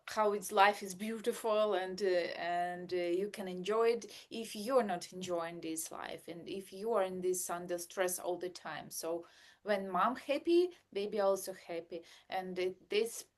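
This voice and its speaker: A woman's voice: medium pitch, unhurried. A woman, a mother of a baby, talking in a casual podcast chat, hesitating and searching for simple words as she speaks.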